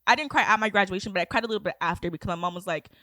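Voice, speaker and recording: A woman in her twenties co-hosting a podcast in casual chat, expressive and quick to laugh, with frequent backchannels. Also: mid-range voice, no echo, clean studio sound. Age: 20s. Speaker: podcast co-host.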